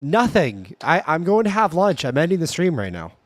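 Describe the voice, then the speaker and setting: A man's voice: fairly high pitch, sing-song, no room sound, clean studio sound. Upbeat young man hosting a livestream. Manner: upbeat, playful, quick sign-off patter. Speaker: livestream host. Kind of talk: casual livestream chat.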